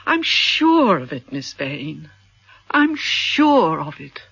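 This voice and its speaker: An actress playing a wealthy middle-aged widow in a radio drama, effusive, melodramatic and sentimental. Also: female voice, sits low, big pitch swings, slow pace, vocal fry, fairly bright tone, exaggerated voice. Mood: gushing. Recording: dull lo-fi radio broadcast.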